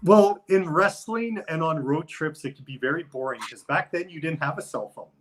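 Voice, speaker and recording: A man's voice: fairly high pitch, normal speed, slight background noise, poor audio. Rambling man chatting as a guest. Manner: loose, rambling, lots of "like". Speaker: guest, wrestler. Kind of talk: casual interview chat.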